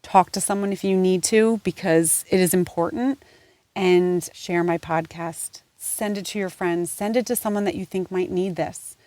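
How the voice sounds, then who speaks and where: An earnest woman in her forties hosts her own podcast in a low, unhurried voice. The sound is dry and close, with no room around it. She rambles through "you know" fillers and swears without holding back. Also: steady tone, mellow, no room sound. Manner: earnest, heartfelt, swears freely. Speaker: podcast host. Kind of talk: candid podcast monologue.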